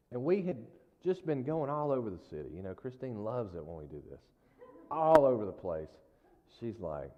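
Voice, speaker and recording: A man preaches in a loose, folksy storytelling way, checking in with the congregation as he goes. His voice sits on the low side. The recording is dull and lo-fi, with a long reverb from a large hall. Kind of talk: casual storytelling sermon.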